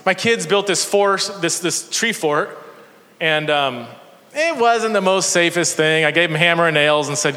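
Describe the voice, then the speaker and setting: In a church sanctuary, a man preaches a sermon, telling stories with energy and self-deprecating humor. His voice sits on the high side, animated and sharp-toned, at normal speed. The recording carries a long church hall reverb.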